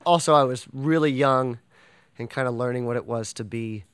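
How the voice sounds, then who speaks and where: An enthusiastic man talks in a casual interview and rambles, full of fillers and restarts. His voice is smooth and clear at a middle pitch. The sound is close and dry. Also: moderate pace, fairly bright tone, no echo. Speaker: drummer and podcast guest.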